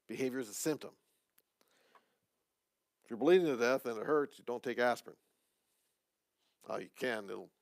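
A man preaching in a relaxed, conversational teaching style, breaking into little jokes and restarting his sentences. His voice has a gravelly edge. The sound is dry and close. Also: medium pitch, dry recording. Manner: conversational, joking asides, restarts. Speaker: pastor. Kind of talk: teaching sermon. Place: church.

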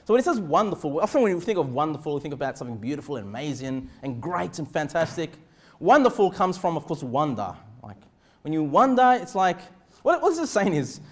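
A man's voice: fairly high pitch, big pitch swings, fairly quick. A male pastor preaching a sermon in church, emphatic, with repeated phrases and rhetorical questions. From Australia.

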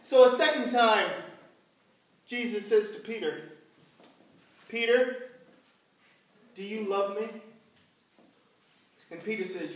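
A man preaching as pastor, telling the story slowly and asking his congregation questions. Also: high voice, fairly bright tone. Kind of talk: sermon. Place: church. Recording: echoey church from far off.

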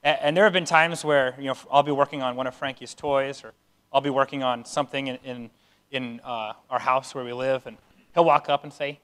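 A man's voice: mid-range voice, fairly even intonation, fairly quick, fairly bright tone, clean tone. A man in his thirties preaching a sermon as pastor, conversational and earnest, building to emphatic exhortation.

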